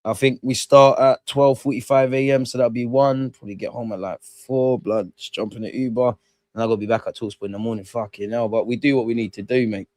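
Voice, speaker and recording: A man's voice: steady tone, brisk, a little mellow, no echo. A young man hosting a casual football live stream, slangy and sweary, reading viewer comments and reacting to them. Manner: slangy, swears freely, mocks comments in high squeaky voices.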